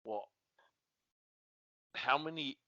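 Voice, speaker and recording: Podcast co-host, male, rambling folksy yarn-teller; bright tone, dry muffled recording. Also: mid-range voice, drawn-out words, no room sound. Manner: rambling, folksy, retelling a dad's story with quoted dialogue. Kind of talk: casual storytelling chat. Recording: dull lo-fi podcast audio.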